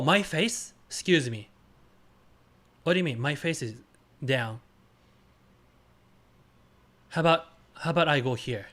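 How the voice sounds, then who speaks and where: A male streamer with a voice on the high side talks casually while playing a guessing game. His phrasing is simple and halting, interrupted by outbursts of excited cheering.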